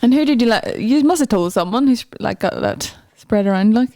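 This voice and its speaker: A woman's voice: a little high, expressive, brisk, warm tone. A woman co-hosting a comedy podcast, teasing her partner with dry, mocking retorts in casual banter. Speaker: podcast co-host.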